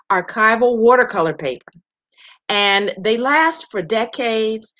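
A woman from Maryland, a visual artist, calmly explaining and presenting her prints on a livestream. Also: medium pitch. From Maryland, USA.

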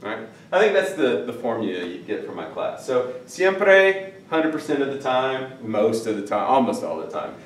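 A man teaching a classroom Spanish vocabulary lesson, jokey and lively, drawing out the Spanish words slowly. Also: mid-range voice, slight background noise. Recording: echoey room, mic at a distance.

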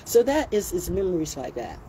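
A woman's voice: fairly low pitch, sing-song, fairly quick, dark tone. A woman giving a blunt, passionate monologue, talking straight to her listeners in a casual and emphatic way. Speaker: motivational speaker. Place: outdoors, birds and passing vehicles. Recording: noisy outdoor recording.

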